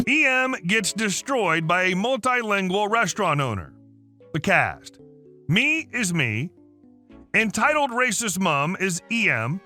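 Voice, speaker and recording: Bright, high-voiced male story narrator. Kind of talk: reading a story aloud.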